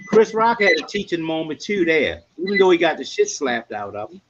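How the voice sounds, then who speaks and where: A man with a slightly high voice holds forth as host of a live podcast panel. He preaches with emphasis and speaks straight to the audience. The recording sounds dull and lo-fi. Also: sing-song, brisk, few pauses, fairly bright tone. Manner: emphatic, preachy, sports analogies, addresses the audience.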